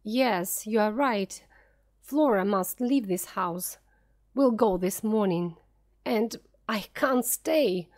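A fretful older housekeeper pleads in slow, careful words, as a woman reading the story puts her on. The voice sits at a middle pitch and never hurries. It is a storybook part read aloud. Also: a little mellow, lightly acted. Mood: distressed. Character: anxious older female housekeeper.

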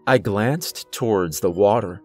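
A man reading a horror story aloud as scripted narration, in a measured storytelling manner. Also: fairly low pitch, soft background music.

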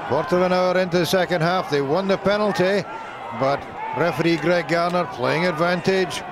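A man with a Scottish accent giving brisk play-by-play rugby commentary, rising with excitement at big moments. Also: sits high. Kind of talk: match commentary. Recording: outdoor crowd noise with background hum. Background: crowd and outdoor noise.

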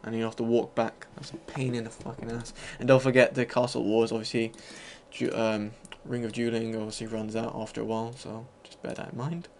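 A man's voice: medium pitch, flat delivery, a little fast, hardly any pauses, a little hiss or hum. A man giving loose, rambling commentary over his own gameplay, full of fillers and the odd casual swear. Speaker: gaming video host.

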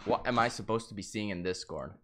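A male live streamer chatting casually with his viewers, swearing a lot and jumping into shrill outbursts. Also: quick pace, fairly bright tone.

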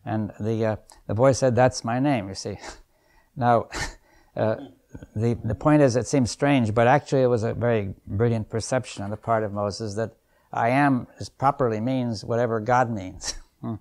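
A man's voice: mid-range voice, moderate pace. A man in his seventies leading a seminar, thinking aloud and often checking in with his listeners. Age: 70s. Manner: thoughtful, musing, keeps checking in with "right?" and "you see"; chuckles softly between points. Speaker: seminar leader. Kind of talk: unscripted seminar lecture.

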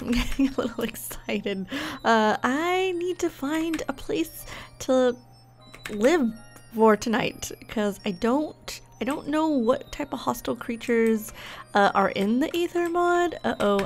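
A young woman giving casual, bubbly gameplay commentary, gushing and gasping as she explores. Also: on the high side. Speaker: gaming YouTuber.

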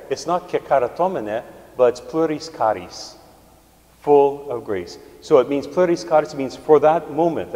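A man preaching a sermon as a priest, teaching slowly with pauses and restarts. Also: mid-range voice, warm tone. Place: church. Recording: echoey church hall.

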